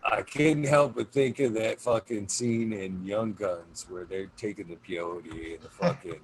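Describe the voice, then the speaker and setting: A laid-back man hosting a casual livestream chat, with a gravelly, fry-edged voice. He swears constantly and laughs his way through a rambling story. A faint hiss sits under the voice. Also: lowish voice, measured pace. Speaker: podcast host.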